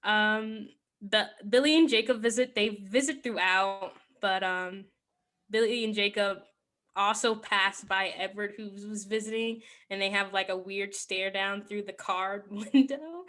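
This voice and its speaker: A podcast host with a bright, clear-edged voice sits somewhere in the middle of the female pitch range. She runs through a movie plot in a loose, chatty way, giggling often and leaning on "like" as she goes. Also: steady tone, unhurried. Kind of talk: casual movie plot recap.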